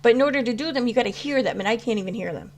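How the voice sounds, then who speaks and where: A woman's voice: on the high side, expressive, rapid-fire. Chatty woman rambling on a livestream. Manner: rambling, many fillers and restarts. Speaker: YouTube commentary host answering live chat. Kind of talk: casual live-stream chat.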